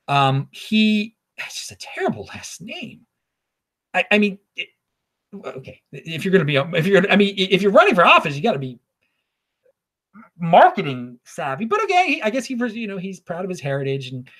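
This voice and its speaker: A man hosts his own talk show alone. He rambles and stammers, doubling his words and chuckling between thoughts. His voice rises and falls in a lively, animated way. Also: high-pitched. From Baltimore, USA. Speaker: show host. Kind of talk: casual solo commentary.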